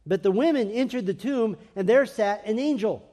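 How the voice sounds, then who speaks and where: A man delivers a sermon in a high-pitched, soft-toned voice. He moves between emphatic passages and quiet, hushed ones. His words ring out with a long reverb, as if spoken in a large hall. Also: normal speed. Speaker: preacher.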